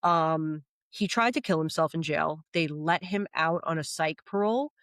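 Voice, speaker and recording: A woman's voice: sits low, moderate pace, dry recording. Candid woman guest with a dry sound. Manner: animated, acts out quotes, swears freely. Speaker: podcast guest. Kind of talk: candid personal storytelling.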